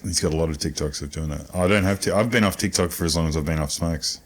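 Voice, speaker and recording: A man's voice: sits low, fast. A man, co-hosting a podcast with dry, wry asides in casual chat. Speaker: podcast co-host.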